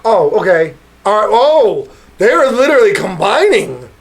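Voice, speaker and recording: A man co-hosting a casual chat, asking eager questions between quieter, mumbled asides. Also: sits high, sing-song, measured pace, crowd noise. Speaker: podcast co-host.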